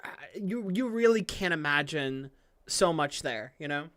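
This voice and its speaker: A streamer gives casual live commentary on an anime episode, rambling and gushing with many fillers, swearing freely and breaking into excited outbursts. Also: measured pace, dry recording. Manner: swings into excited high outbursts.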